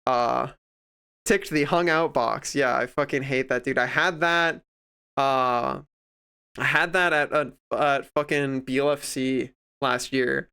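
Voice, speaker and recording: A man's voice: medium pitch, fairly even intonation, takes it slowly, pushed and bright, smooth. A man streaming casual chat, rambling in a profane way and acting out other people in quoted voices.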